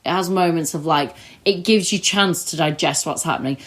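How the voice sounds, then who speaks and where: A woman co-hosting a chat podcast, reviewing a TV episode and acting out scenes in quick put-on voices. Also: deep voice, a bit bright. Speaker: podcast co-host. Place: recorded together in the same room.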